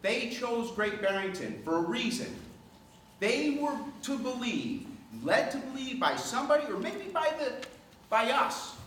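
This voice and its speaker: A man's voice: extremely high pitch, big pitch swings, measured pace, a bit bright. A man making an emphatic, rhetorical public comment at a town meeting, posing pointed questions to the board. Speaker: resident speaking at public meeting. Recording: echoey hall from far off, noisy.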